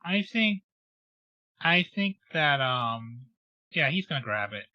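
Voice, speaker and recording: A man's voice: on the high side, sing-song, takes it slowly, no room sound. A man playing in a tabletop game, thinking aloud hesitantly in casual talk. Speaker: player. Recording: dull lo-fi mic.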